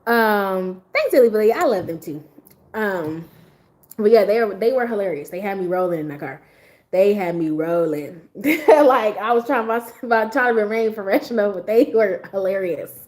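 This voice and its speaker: A woman's voice: mid-range voice, expressive, moderate pace, darkish tone. A woman hosting a casual livestream, laughing often as she tells stories and answers her chat. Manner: laughs often, talks straight to chat, storytelling. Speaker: livestream host.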